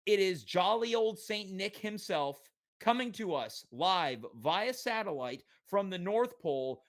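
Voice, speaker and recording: A man's voice: high voice, animated, unhurried. A man hosting a comedic talk show, playful, with big announcer-style build-ups. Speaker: host.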